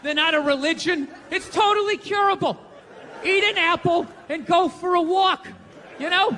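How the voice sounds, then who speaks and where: A male comedian rants through a blunt, profane stand-up bit, his voice pitched high and cutting as he shouts. A live studio audience and long hall reverb surround him, with faint room noise. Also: moderate pace, a faint crowd. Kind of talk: stand-up routine. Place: talk show studio stage.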